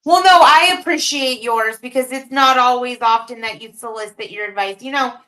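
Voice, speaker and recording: A woman's voice: fairly high pitch, normal speed, sharp tone. A woman chatting on a live audio panel, giggly and teasing. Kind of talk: casual live chat.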